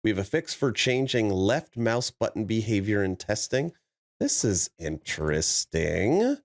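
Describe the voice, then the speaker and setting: A man hosting a gaming news video, sounding nasal from a cold, talking in an animated, emphatic way. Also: on the low side, moderate pace. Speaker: host.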